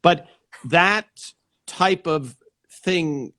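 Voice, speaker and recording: A male host in a casual live interview, heard over a video call. His voice sits a little high for a man. He rambles, repeats himself and restarts sentences as he works toward his point. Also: very slow, sharp tone.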